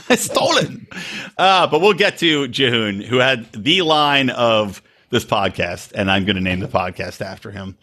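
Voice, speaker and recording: A lively man co-hosting a casual podcast. His voice sits a touch high and rings bright and forceful, and his pitch swings widely. He swears freely and slips into quick impressions of the people he mocks. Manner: animated, swears a lot, mimics people he talks about. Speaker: podcast co-host. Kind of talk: casual profane chat.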